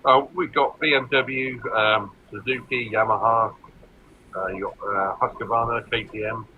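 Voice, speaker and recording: A man from Europe calling in to a livestream, halting and filling pauses with ums as he lists things. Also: mid-range voice, fairly even intonation, phone-quality sound, noisy background.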